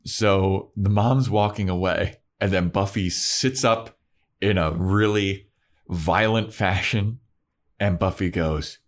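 A man with a low, deep voice talks through an episode recap in a relaxed, chatty way. He keeps slipping into the characters' lines as he retells the scenes. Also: takes it slowly. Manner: animated recapper who acts out characters in high falsetto voices. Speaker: podcast co-host recapping a TV episode. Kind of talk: casual chat.

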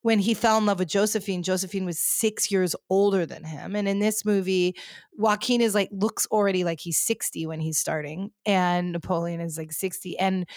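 A woman's voice: lowish voice, steady tone, moderate pace, a little mellow, dry recording, studio quality. A woman hosting a podcast, ranting animatedly in casual chat with lots of filler words. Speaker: podcast host.

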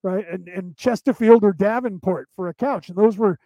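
A man from central California with a Southern drawl and Boston touches, hosting a podcast in fast, rambling casual talk full of fillers. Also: high-pitched, mellow, no echo, lo-fi sound. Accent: American with Southern drawl and Boston touches. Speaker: podcast host.

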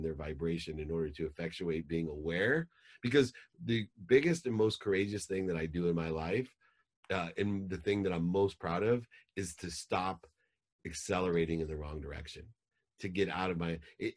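A man in his forties, a life coach telling a motivational story in an intense, emphatic way. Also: low voice.

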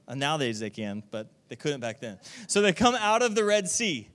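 A man preaching a sermon in an animated way, often checking in with "okay?" and "right?", and now and then acting out other people's voices. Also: on the high side, fairly quick, hardly any pauses. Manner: acts out grumbling voices and loud exclamations.

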